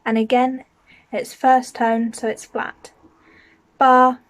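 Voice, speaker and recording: A woman teaching a language lesson, explaining each word slowly and saying it twice for the learner to repeat. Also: on the high side, level tone, darkish tone. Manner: patient, says each word twice clearly. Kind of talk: slow, clear lesson with repeat-after-me drills.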